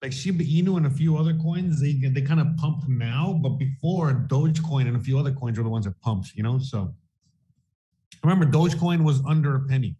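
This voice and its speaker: A man's voice: medium pitch, a little fast, dark tone, highs cut off. A man co-hosting a casual crypto livestream, rambling and swearing, full of "you know what I mean.".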